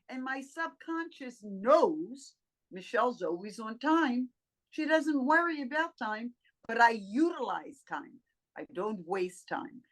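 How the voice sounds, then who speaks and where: A woman with a high, bright-pitched voice co-hosts a casual coaching chat. She talks emphatically and playfully, with real enthusiasm. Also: very animated, slow. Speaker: co-host.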